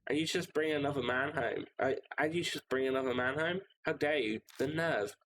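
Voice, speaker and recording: A man's voice: mid-range voice, fairly quick, a bit bright, slight background noise, natural voice. A man voicing a despairing, angry office worker who rants and curses bitterly in a horror visual novel. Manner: bitter, cursing, ranting.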